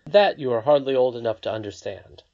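A narrator voicing a very old, wise great-great-grandmother, speaking softly and calmly. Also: mid-range voice, brisk, natural voice. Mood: patient. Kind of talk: audiobook character voice. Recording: slightly dull lo-fi recording.

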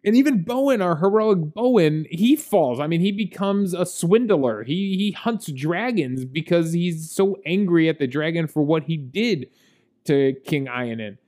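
This podcast co-host is a man with a fairly high, expressive, mellow voice who takes his time. He chats casually about a movie, laughing and using lots of fillers.

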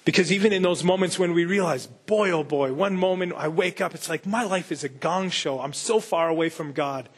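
A man's voice: a little high, fairly quick, hardly any pauses, breathy edge. A man pastor giving a conversational sermon, full of rhetorical questions and casual asides.

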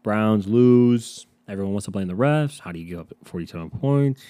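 A man's voice: fairly low pitch, expressive, moderate pace, dark tone. A man hosting a casual solo podcast, rambling and sarcastic with plenty of swearing. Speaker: podcast host.

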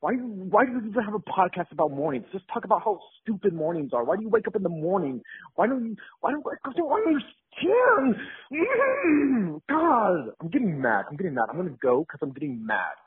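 Whiny caller on a tinny phone line. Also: male voice, high-pitched, sing-song, fast talker, slightly rough, no echo. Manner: whiny, exasperated, complaining. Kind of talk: phoned-in rant.

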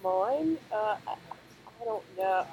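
A young woman chatting casually, rambling and filling her talk with pauses and fillers. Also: mid-range voice, expressive, darkish tone. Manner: rambling, filler-heavy storytelling. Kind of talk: casual chat. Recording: noisy background.

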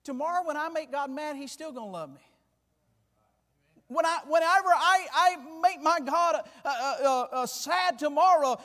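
A man preaching a fervent sermon, repeating words and swinging between loud declarations and hushed asides. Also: very high-pitched, normal speed, in a large hall.

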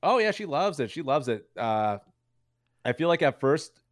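A man's voice: on the high side, sing-song, moderate pace, dry recording, clean studio sound. A man talking as a streamer guest in a casual interview, rambling with lots of "like" and "you know" fillers.

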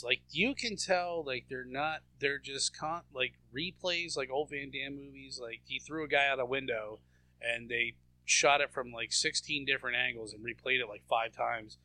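A man's voice: medium pitch, a little slow, no echo. A man in casual chat, profane and sarcastic as he mocks films. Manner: profane, sarcastic, animated storytelling.

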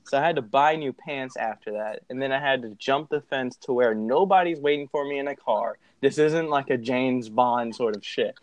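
Young man, casual storytelling, animated, swears a lot, dry close sound. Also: mid-range voice, moderate pace, few pauses, no room sound. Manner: animated, swearing, laughing while telling.

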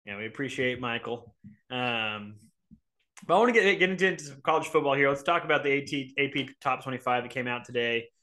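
A man's voice: medium pitch, a little fast, pushed and bright. A man hosting a casual sports podcast, ranting in a jokey, exasperated way. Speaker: podcast host.

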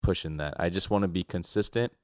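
A young man with a very deep voice co-hosts a podcast, chatting casually and swearing freely. He sounds loose and laughs at himself. The sound is close and dry. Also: fast talker, dry recording. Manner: loose, profane, self-mocking. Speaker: podcast co-host. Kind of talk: casual chat.

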